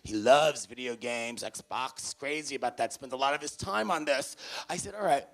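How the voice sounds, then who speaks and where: A man with a gravelly, creaky voice at an ordinary middle pitch, addressing an audience of parents. He tells a story with animation and acts out the other voices in the conversation himself. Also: moderate pace. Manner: animated anecdote, acts out both sides of conversations. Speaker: university student affairs staff speaker. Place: university venue, in front of parents.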